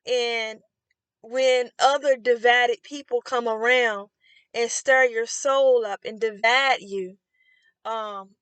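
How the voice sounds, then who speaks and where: Woman vlogging, slow and thoughtful, lots of ums, dry close sound. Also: fairly high pitch, fairly bright tone, smooth, no room sound. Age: adult. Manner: slow, reflective, many fillers and pauses. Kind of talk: casual storytelling to camera.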